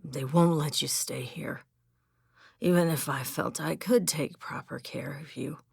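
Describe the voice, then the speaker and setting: A woman narrator puts on a gruff old hermit for an audiobook, his voice a deep, heavily gravelly croak that is slow and breathy. He speaks sternly but in a hushed way, with a dry, close sound. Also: lively intonation, no echo, heavily acted. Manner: gruff and stern, softening to gentle hush. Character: gruff, frail old male hermit farmer. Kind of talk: audiobook character voice.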